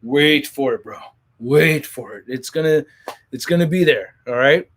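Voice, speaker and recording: A man talks loosely to his stream viewers, joking and cursing, often restarting his sentences. His voice sits a little higher than most men's, and his speech has a sound. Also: a little slow, a bit bright, a little hiss or hum. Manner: rambling, profane, jokey, many restarts. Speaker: toy collector channel host. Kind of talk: casual livestream chat, reading viewer comments.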